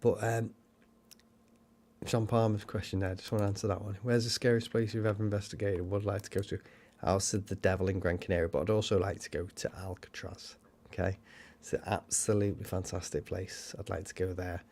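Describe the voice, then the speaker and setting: A man running a paranormal livestream rambles casually as he goes through cards and comments. He speaks briskly in a low, darkish voice with little pitch movement.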